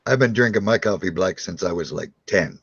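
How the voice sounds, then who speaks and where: A man with a very deep voice, gravelly and husky with fry, talks in a laid-back, agreeable way. The recording is dull and lo-fi, with a dry, close sound. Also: a little fast, no echo. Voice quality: low, raspy voice. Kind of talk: casual chat.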